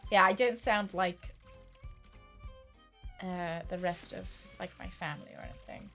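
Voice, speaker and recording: A woman's voice: lowish voice, unhurried, fairly bright tone, soft background music. A British woman with a somewhat posh accent chatting and joking casually while streaming a game. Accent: British English, somewhat posh. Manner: chatty, jokey, laughs often. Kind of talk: casual gameplay chat.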